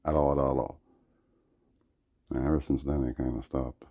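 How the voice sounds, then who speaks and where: Deep, gravelly man rambling. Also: level tone, normal speed, mellow. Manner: drifts between chanted prayer and loose storytelling, full of "you know what I'm saying". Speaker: vlogger. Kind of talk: rambling monologue mixed with chanted praise. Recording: dull lo-fi recording.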